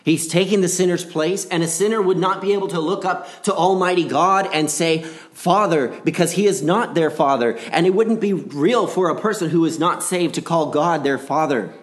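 Male preacher, gospel sermon; earnest, pitch climbs then sinks low for weight. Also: moderate pace, hardly any pauses. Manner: earnest, repeats phrases for emphasis, swings between rising and dropping delivery.

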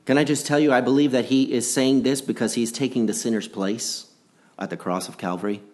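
Male preacher, gospel sermon; earnest, pitch climbs then sinks low for weight. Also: fairly even intonation, brisk, a little mellow. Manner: earnest, repeats phrases for emphasis, swings between rising and dropping delivery.

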